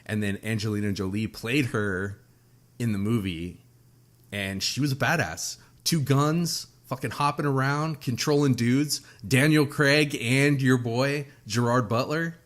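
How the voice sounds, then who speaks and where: This is an American man hosting a casual podcast. He trades crude jokes with his co-host and laughs often. His voice sits at an everyday middle pitch. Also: fairly even intonation, a little slow, a bit bright. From United States. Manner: crude, joking banter with frequent laughs. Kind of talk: casual chat.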